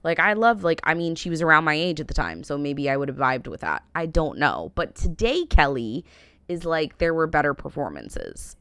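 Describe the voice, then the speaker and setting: American woman in her 30s, low smooth voice, says like a lot, dry close sound. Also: sing-song, normal speed, a bit bright, no echo. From United States. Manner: rambling, heavy use of "like" and "um". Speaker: reaction vlogger. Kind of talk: casual opinionated chat.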